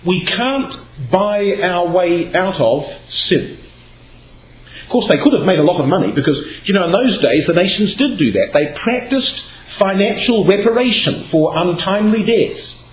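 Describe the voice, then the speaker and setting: Man, Bible talk, animated delivery, higher voice, roomy echo, faint noise. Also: a little slow. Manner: expressive, reads scripture aloud with varied emphasis. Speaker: Bible speaker. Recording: echoey hall with faint noise.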